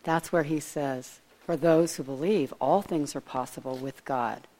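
Woman, low voice, informal sermon, chatty, digressive, speculative. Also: measured pace, mellow. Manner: conversational and digressive, speculating aloud. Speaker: preacher.

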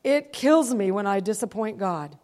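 A woman's voice: medium pitch, lively intonation, normal speed, a little mellow, long reverb tail. A woman preaching a sermon, emotional and heartfelt, often calling out "Amen?" to the congregation. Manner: emotional, calls out "Amen?" to the crowd.

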